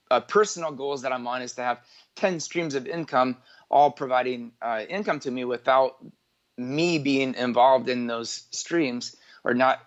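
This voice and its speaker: A man's voice: medium pitch, dull audio. A man in his forties, an entrepreneur from northwest Indiana, telling his life story as an interview guest in a rambling way, full of filler words and self-corrections. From northwest Indiana, USA.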